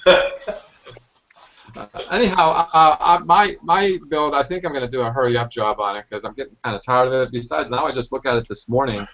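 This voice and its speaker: Man in casual hobby chat, halting and rambling, mid pitch, dull lo-fi call audio. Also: fairly bright tone. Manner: rambling, halting with many fillers and restarts. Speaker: hobbyist scale modeler on a video hangout. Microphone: video call.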